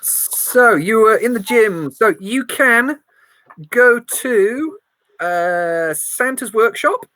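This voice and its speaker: Lady game master, high voice, giggly and playful, dry close sound. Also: lively intonation, extremely slow, fairly bright tone, dry recording, poor audio. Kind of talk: narrating a tabletop game.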